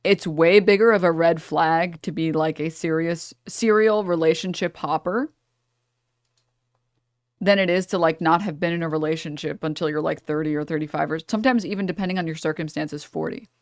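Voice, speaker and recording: A woman's voice: deep voice, moderate pace, no room sound, clean studio sound. A woman streamer giving casual reaction commentary in a chatty, wry, opinionated way.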